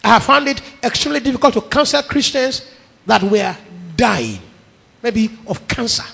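A man's voice: very high-pitched, animated, moderate pace, creaky, sharp tone, slightly rough. A middle-aged man with a Nigerian accent preaching a sermon, emphatic, piling up repeated phrases. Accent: Nigerian English. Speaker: pastor. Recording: long echo of a large hall.

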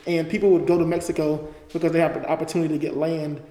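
A young man with a fairly high, mellow voice talks earnestly as a podcast guest, filling his sentences with "uh" and "like." He is recorded in a roomy space with a long reverb tail. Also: level tone, fast. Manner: earnest, explanatory, with frequent fillers. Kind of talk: casual discussion.

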